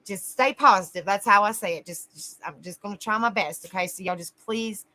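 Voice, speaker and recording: A woman's voice: mid-range voice, a little fast, bright, forceful tone. A woman hosting a casual livestream, greeting viewers by name and calling them honey. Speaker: livestream host.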